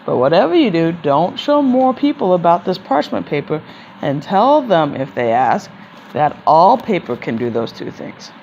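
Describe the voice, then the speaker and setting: A woman voicing a gentle, patient female schoolteacher who explains things slowly in a story. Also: on the low side, big pitch swings, highs cut off, slight background noise. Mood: confiding.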